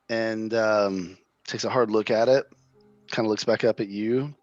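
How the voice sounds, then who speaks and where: A man running a tabletop game as game master, narrating in a relaxed way with many fillers. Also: fairly low pitch, slow, pauses often, dry recording, highs cut off, soft background music.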